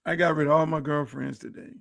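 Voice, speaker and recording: A man's voice: fairly high pitch, fairly even intonation, quick pace, creaky, no echo, studio quality. A middle-aged man hosting his own podcast, delivering a boastful, preachy monologue full of swearing. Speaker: podcast host. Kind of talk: profane monologue.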